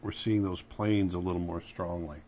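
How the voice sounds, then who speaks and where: A man with a lowish voice talks through a drawing lesson as he works. He is relaxed and thinks aloud, naming each stroke as he makes it. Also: normal speed, a little hiss or hum. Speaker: drawing instructor. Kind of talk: drawing tutorial narration.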